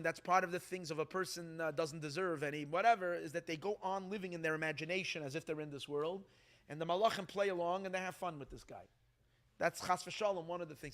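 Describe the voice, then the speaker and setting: A man, a rabbi, telling stories at a gathering in an animated, halting way, with many restarts. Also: sits high. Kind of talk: storytelling talk.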